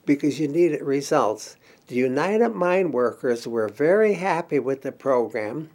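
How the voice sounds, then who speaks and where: A man's voice: medium pitch, darkish tone. An older man in an oral history interview, telling stories from his career and acting out the dialogue, with the odd chuckle. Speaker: interviewee recalling career as counselor.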